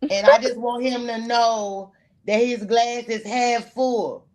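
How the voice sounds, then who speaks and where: A woman's voice: fairly high pitch, steady tone, takes it slowly, a little mellow. A woman comedian on a video call, handing out joke awards with teasing, giggly, bawdy banter. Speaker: comedian panelist.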